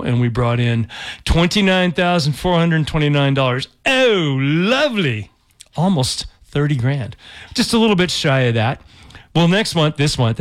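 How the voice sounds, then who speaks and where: A man hosting a community radio show in a studio, talking casually in a rambling, jokey way with restarts and laughs. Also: mid-range voice. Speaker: radio DJ host.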